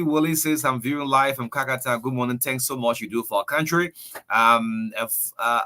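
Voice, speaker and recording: A man's voice: medium pitch, bright, forceful tone. A man with a Liberian English accent hosting a breakfast radio show, chatting loosely and reading out listener greetings. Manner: chatty, storytelling, loose with fillers and laughs. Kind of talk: casual radio talk, reading listener shout-outs.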